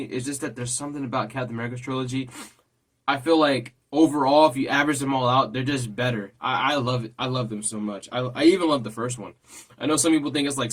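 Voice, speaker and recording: A man's voice: medium pitch, fairly bright tone. Rambling man reacting casually. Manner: rambling, repeats himself, thinks aloud. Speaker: host reacting to a trailer. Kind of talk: casual chat.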